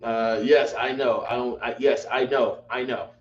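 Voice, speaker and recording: A man's voice: mid-range voice, steady tone, moderate pace. A man hosting a casual livestream chat, rambling and repeating himself in exasperation. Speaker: livestream host. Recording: echoey room, dull lo-fi mic, faint hum.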